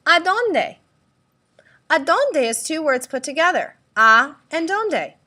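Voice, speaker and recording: Woman language teacher, fairly high and bright tone, deliberate tutorial delivery with repeat-after-me prompts. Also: sing-song. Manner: slow, deliberate, spells out letters and prompts repetition. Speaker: Spanish teacher. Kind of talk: recorded classroom tutorial.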